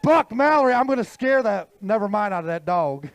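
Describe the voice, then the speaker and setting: A man with a very high, bright-toned voice calls a live fishing weigh-in into a handheld mic on an outdoor stage. He pumps up the crowd and drags out the big numbers in shouts. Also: expressive, a little hiss or hum. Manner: hype announcer, drawn-out shouted totals. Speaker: tournament weigh-in emcee.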